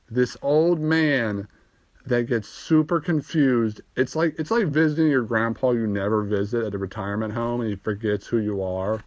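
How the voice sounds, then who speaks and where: A young man rambles through a stand-up comedy bit full of swearing, laughing at his own jokes. His voice sits at an average pitch. The phone recording is dry, with no room sound. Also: measured pace, no room sound. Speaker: amateur comedian.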